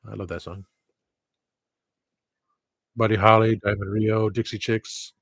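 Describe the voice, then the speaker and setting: A man's voice: on the low side, fairly even intonation, normal speed, long pauses, a bit bright, dry recording, poor audio. A man chatting casually on a livestream, rambling from one thing to the next and grumbling about people.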